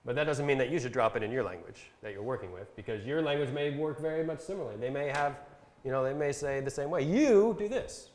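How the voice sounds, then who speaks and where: A man presenting a Bible translation workshop, explaining step by step in a casual instructional style with fillers, and reading verses slowly. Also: mid-range voice. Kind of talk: casual instructional talk with screen demo. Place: talk given at a camp session. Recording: echoey room sound.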